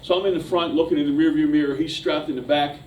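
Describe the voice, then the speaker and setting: A man delivers a motivational talk as a lively story, and his voice sits a little high. He sounds far from the mic, with a faint hum underneath. The large room around him rings with echo. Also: fast talker. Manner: animated storyteller who builds to shouting. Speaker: motivational speaker. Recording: echoey room from a distance.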